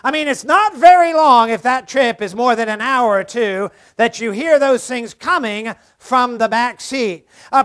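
A man with a very high voice preaches a sermon. He is a middle-aged pastor who talks earnestly to his congregation and keeps asking them questions. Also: a bit bright.

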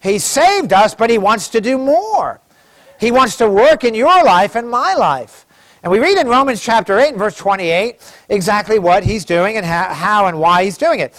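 A man preaching a sermon as pastor, reading scripture aloud slowly and with emphasis. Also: high voice, lively intonation, fairly bright tone.

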